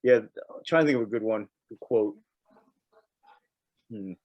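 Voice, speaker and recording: A man's voice: fairly low pitch, unhurried, muffled recording. Laughing man in casual movie chat. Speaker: podcast co-host.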